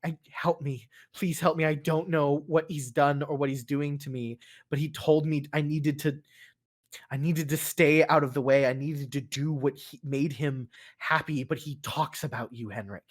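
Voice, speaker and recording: A man voicing a frightened young noble wife under a spell, pleading for help in halting, stammering phrases. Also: a little high, steady tone, natural voice. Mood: desperate pleading.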